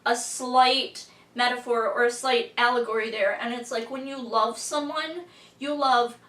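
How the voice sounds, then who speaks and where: A woman's voice: on the high side, a little slow. A woman on a podcast panel, animatedly arguing her view of a film in casual discussion. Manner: animated, expressive, argues her reading of the film. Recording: roomy room, distant mic.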